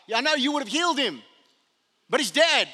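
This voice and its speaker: Grieving woman voiced by a man preacher, pleading, exasperated, loud, echoing hall. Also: extremely high pitch, sing-song, fairly quick, voice pushed up, heavily acted. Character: distraught grieving woman, sister of the dead.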